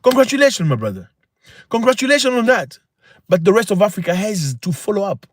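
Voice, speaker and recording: Hosting a livestream, a high-pitched man speaks briskly with big pitch swings. His talk is impassioned and preachy, packed with rhetorical questions.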